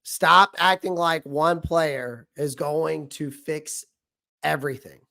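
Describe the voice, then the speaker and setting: A man hosting a fan livestream about his football team, hoarse from losing his voice, talking bluntly and repeating his points. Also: fairly high pitch, slow pace, sharp tone. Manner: blunt, emphatic, repeats himself. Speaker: sports fan show host. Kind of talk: livestream sports rant.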